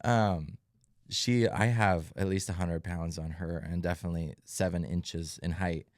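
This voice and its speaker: A young man with a very deep voice speaks in an even, unhurried way, pausing often to find his words as he tells a personal story. The sound is dry and close, with no room around it. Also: no echo. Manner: reflective, halting, many fillers. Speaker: podcast co-host. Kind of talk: casual testimony chat.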